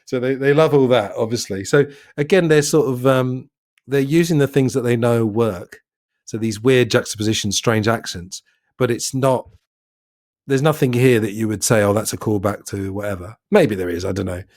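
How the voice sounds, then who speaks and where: A man's voice: medium pitch, normal speed, a little mellow, dry recording, studio quality. A man from southern England co-hosting a podcast, chatting casually about a film in a thoughtful way and laughing often. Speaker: podcast co-host.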